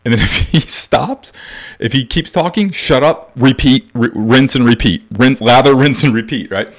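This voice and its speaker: A man's voice: mid-range voice, lively intonation, moderate pace. A man coaching baseball dads, giving blunt, emphatic parenting advice and repeating key points. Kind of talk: direct-to-camera parenting advice.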